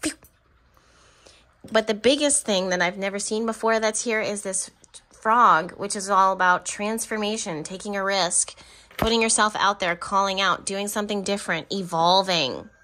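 A woman's voice: medium pitch, normal speed, sharp tone. A woman giving a pick-a-card tarot reading, chatty and affectionate, speaking straight to her viewers and laughing between remarks. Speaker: tarot reader.

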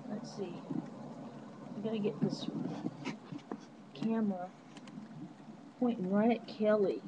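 A woman's voice: mid-range voice, a little slow, long pauses, noisy background. Chatty woman on a muffled webcam. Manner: chatty and rambling, laughs often. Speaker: vlogger. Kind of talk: casual webcam diary. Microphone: netbook webcam microphone.

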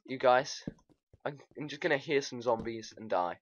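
A man giving rambling, excitable commentary over his game, chatting to viewers and laughing often. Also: mid-range voice, normal speed, muffled recording. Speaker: gaming video host.

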